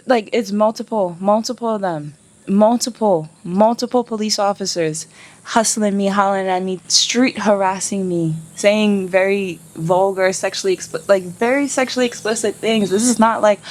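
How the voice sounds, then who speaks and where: Woman, travel vlogger, heated profane storytelling, mid pitch. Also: moderate pace. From United States. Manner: animated, indignant, profane. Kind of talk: casual vlog storytelling.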